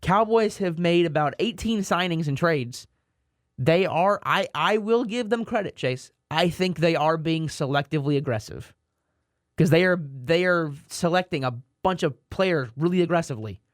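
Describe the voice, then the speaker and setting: A man talks sports on a podcast in a loose, rambling way, stumbling over his words and poking fun at himself. His voice sits a little high for a man. The sound is dry and close. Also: animated, normal speed, dry recording. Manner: rambling, repeats words, self-mocking asides. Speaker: podcast co-host. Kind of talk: casual sports chat.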